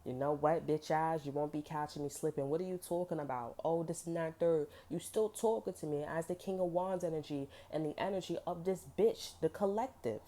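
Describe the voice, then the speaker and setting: A woman's voice: sits low, fairly quick, few pauses, mellow. A woman giving a casual tarot reading, blunt and profane, full of emphatic slang. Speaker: tarot reader.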